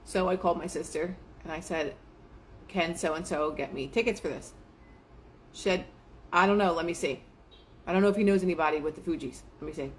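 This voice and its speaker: A young adult woman hosts a manifestation show, giving a casual motivational talk in a lowish voice that's a little fast with frequent pauses, over a slight hiss or hum. She's chatty and full of fillers, quoting herself and others in lively, acted-out asides.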